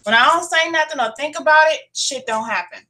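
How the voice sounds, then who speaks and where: A woman's voice: high voice, brisk, pushed and bright, rough recording. A woman hosting her own cooking vlog from her kitchen, chatting casually to viewers, swearing freely and calling them y'all. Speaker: cooking channel host. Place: home kitchen.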